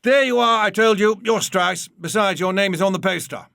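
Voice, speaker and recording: A man reading a memoir aloud and voicing an effusive, pushy bogus Viennese gentleman. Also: very animated, moderate pace, no echo, studio quality. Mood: insistent. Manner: gushing, insistent, higher pitched. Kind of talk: audiobook reading.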